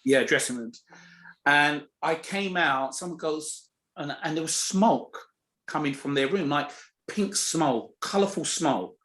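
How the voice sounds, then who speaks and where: A man, a comedian guest, telling a casual story and acting out the people in it with big jumps in his voice. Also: a little slow. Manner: animated, acts out quoted voices with big pitch jumps.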